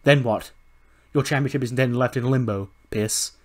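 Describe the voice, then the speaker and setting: A man playing a loud, indignant wrestler. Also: mid-range voice, normal speed, lightly acted. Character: whiny, demanding male wrestler.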